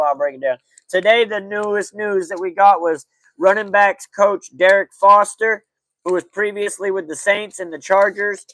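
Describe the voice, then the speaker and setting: A man's voice: high voice, fairly bright tone, no room sound, poor audio. A man hosting a casual livestream sports talk podcast, chatting loosely in slang and greeting viewers by name. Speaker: podcast host.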